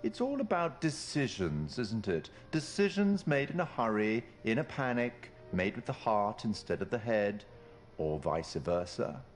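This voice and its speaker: An actor playing a sinister male curator who narrates a game, speaking slowly and measuredly. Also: on the low side, very animated, soft background music. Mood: knowing. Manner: slow, measured, knowing. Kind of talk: game cutscene dialogue.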